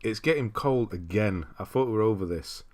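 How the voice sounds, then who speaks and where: Lower-voiced british guy rambling on his stream, greeting chat one by one. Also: expressive, normal speed, darkish tone. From Britain. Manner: chatty, greets chat viewers by name, rambling. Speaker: livestream host. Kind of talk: casual livestream chat. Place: cold room at home.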